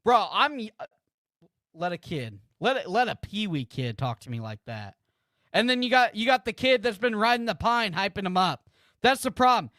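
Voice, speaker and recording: A man in his thirties rants through live watch-party commentary, repeating himself and swearing freely. His voice sits very high and bright, swinging widely in pitch. The sound is dry and close. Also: expressive, normal speed, no room sound. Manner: ranting, repetitive and profane. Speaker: sports streamer host.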